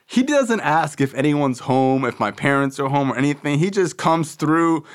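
This podcast host has a smooth, fairly high voice with lively intonation and a normal pace. He tells a personal story in slangy speech packed with "like" and swearing, acting out his friends' voices along the way.

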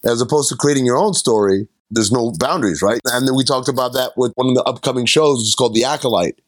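A man's voice: medium pitch, fast, dry recording. Man, podcast co-host, rambling thinker, dry studio mic. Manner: discursive, thinking aloud. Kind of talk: casual podcast chat.

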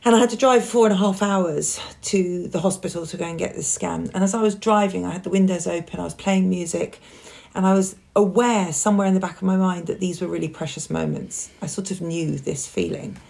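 A woman's voice: fairly low pitch, steady tone, a little fast, vocal fry, a little mellow. A woman, a podcast guest, telling her own story in a candid, reflective way. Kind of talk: personal conversation.

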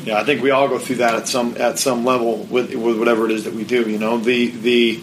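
A man hosting a podcast, talking as a mental game coach in an energetic, emphatic, plain-spoken way. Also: medium pitch, brisk, background noise. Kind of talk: motivational coaching talk.

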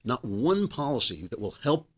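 A middle-aged man hosting a political commentary show, talking in a sarcastic, animated monologue. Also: normal speed. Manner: sarcastic, animated, talks with his hands in pitch swings. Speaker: podcast host.

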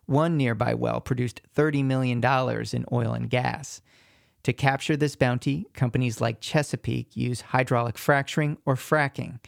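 Man, news feature narration, gravelly voice, dry studio sound, measured delivery. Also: mid-range voice, fairly even intonation, no room sound. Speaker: radio reporter.

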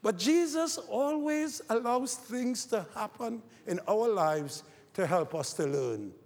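A man preaching a sermon, swinging between quiet, slow passages and loud, raised lines. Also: expressive. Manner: preaching with sweeping rises and falls in pitch and loudness. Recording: long hall reverb.

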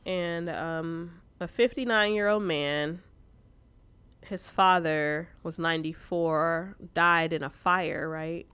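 A woman co-hosting a podcast, chatting casually and telling stories in an animated, profane way. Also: deep voice, slow pace, clean tone, no echo. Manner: profane, animated storytelling with frequent laughs. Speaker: podcast co-host. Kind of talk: casual chat.

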